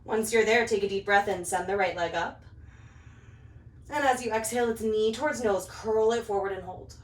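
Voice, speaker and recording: A woman instructor gently cueing poses in time with the breath during a guided yoga class, slightly out of breath as she moves along. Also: medium pitch, moderate pace. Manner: calm, gentle cues paced to the breath. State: a little out of breath while practicing along. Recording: roomy, picked up from a distance.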